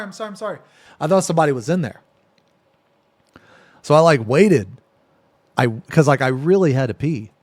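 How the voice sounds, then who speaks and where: A male streamer telling a story to his chat in a loose, rambling way, heavy on "like" and swearing. His voice sits at an ordinary pitch. The sound is dry and close to the mic. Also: a little mellow, no room sound. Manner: rambling, profane, filler-heavy.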